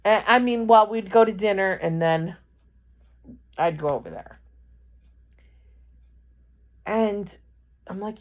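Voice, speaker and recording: A woman's voice: mid-range voice, slow pace, long pauses. A woman telling a personal story in an emotional, rambling way, full of restarts and repeated words.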